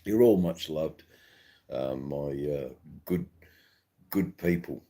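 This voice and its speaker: A middle-aged Australian man with a broad Australian accent hosts his own live stream, reading out viewer comments as they come in. His voice sits extremely low, and he talks at an unhurried, slow pace. His chat rambles loosely, filled with ums and false starts. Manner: rambling, relaxed, many ums and restarts. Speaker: livestream host.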